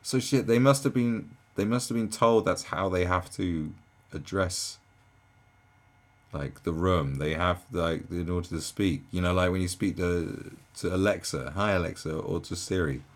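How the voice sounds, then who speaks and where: A man's voice: low voice, unhurried. A man giving casual reaction commentary in an incredulous, mocking way, laughing often.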